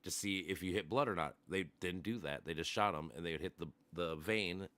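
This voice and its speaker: A man's voice: low-pitched, fairly quick, fairly bright tone, no echo. A man in casual chat, talking in a rambling, profane way with many restarts. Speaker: podcast host.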